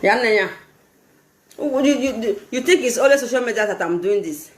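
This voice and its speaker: Lively high-pitched Nigerian woman vlogger. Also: moderate pace, roomy sound. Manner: animated, scolding, laughing often. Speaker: live-stream vlogger. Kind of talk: casual live-stream commentary.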